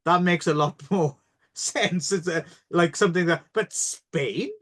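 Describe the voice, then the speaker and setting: A man's voice: on the high side, unhurried, fairly bright tone. Casual, jokey man co-hosting a podcast. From Canada. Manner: swearing, loose and jokey. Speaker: podcast co-host. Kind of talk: casual film chat.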